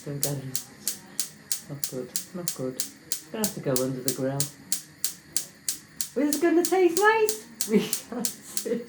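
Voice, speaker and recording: In a noisy, echoey home kitchen full of clattering pans, a home cooking vlogger chats with viewers and makes fun of herself. Her voice is low, with huge pitch swings, a measured pace and frequent pauses.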